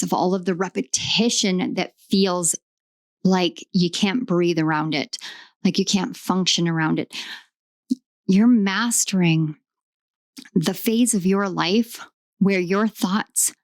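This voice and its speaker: A woman's voice: fairly low pitch, no room sound, clean studio sound. A woman doing a tarot card reading, speaking in emphatic, repetitive affirmations. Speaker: tarot reader.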